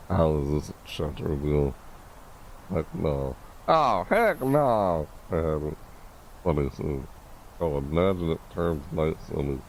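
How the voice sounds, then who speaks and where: A man streaming a live reaction, thinking aloud, rambling and correcting himself, with excitable bursts. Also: slight background noise. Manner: excitable, bursts into high shouts.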